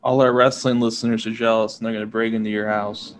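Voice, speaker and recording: A man's voice: fairly low pitch, little pitch movement, fast talker. A young man co-hosting a comedy podcast, dropping brief dry lines that feed the jokes. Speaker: podcast co-host. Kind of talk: casual comedic chat.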